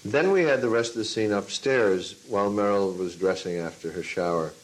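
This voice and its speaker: A fairly low-voiced man talks as a film and stage director in an interview. He tells his stories with life, acting out what he once said. He also teaches a class. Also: normal speed, rough recording. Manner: lively storyteller, acts out his own past lines. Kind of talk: interview answer, telling a story.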